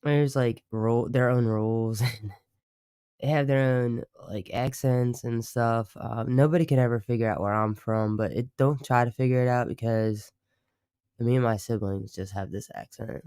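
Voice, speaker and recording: A man's voice: mid-range voice, steady tone, moderate pace, darkish tone, clear, resonant tone, dry recording, studio quality. Rambling, swearing young man. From Baltimore, United States. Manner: rambling, swearing, many fillers. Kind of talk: casual livestream chat.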